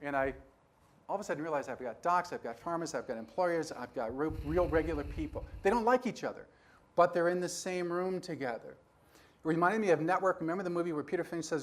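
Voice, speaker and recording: A man in his sixties giving a conference talk, telling stories and acting out dialogue with animated energy. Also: a little high, fairly quick. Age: 60s. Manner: animated storyteller who acts out dialogue. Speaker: conference speaker. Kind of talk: storytelling keynote talk.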